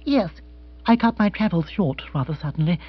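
Wry sophisticated wife, read by a man, slightly husky, dry dull recording. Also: high voice, animated, normal speed. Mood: breezy.

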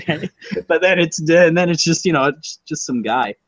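A man's voice: on the high side, lively intonation, moderate pace, no echo. A man co-hosting a casual movie-review chat, rambling and profane, with lots of fillers and self-corrections. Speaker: podcast co-host reviewing a movie.

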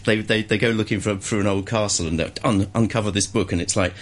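A man's voice: on the low side, fairly even intonation, quick pace. A man hosting a radio show, chatting in a jokey way and laughing easily with his guest. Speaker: radio host. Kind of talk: casual radio chat.

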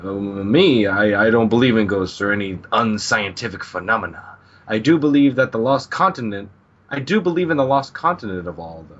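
A man's voice: fairly low pitch, expressive, normal speed, a bit bright. A man reading a lazy, boastful young man's lines, blustering and defensive, in muffled lo-fi audio.

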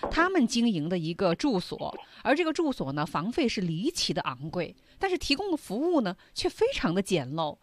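A woman hosting a bilingual language lesson, animated and emphatic, mixing two languages. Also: mid-range voice, no echo. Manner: animated, switches between languages, rising emphasis. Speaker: teacher and host.

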